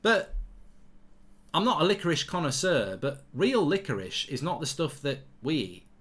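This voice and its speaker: Lively, bright-voiced streamer. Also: male voice, a little high, normal speed. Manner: chatty, blunt, reads out viewer comments. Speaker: football watchalong host. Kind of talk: casual live-stream chat and commentary.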